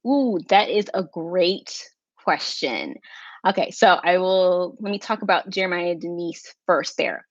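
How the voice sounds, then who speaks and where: A woman's voice: lowish voice, lively intonation, a little slow, dry recording, dull audio. A woman hosting a casual livestream, chatting with viewers and thinking aloud with fillers and little asides. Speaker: livestream host.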